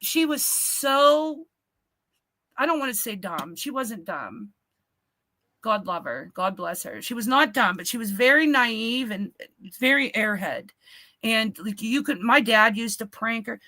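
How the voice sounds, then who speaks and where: A middle-aged woman co-hosting a podcast, telling a family story in an animated, swearing way and acting out the quotes. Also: fairly high pitch, unhurried, no room sound. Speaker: podcast co-host. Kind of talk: casual storytelling chat. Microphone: podcast mic, remote stream.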